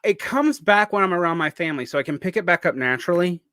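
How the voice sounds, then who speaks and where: Vlogger, man around 40, faint Southern US accent, r/l/w speech impediment, slightly high voice, dry close sound. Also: lively intonation, quick pace, pushed and bright, clear, resonant tone, no echo. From Southern United States. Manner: rambling and digressive, with many restarts. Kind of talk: casual monologue.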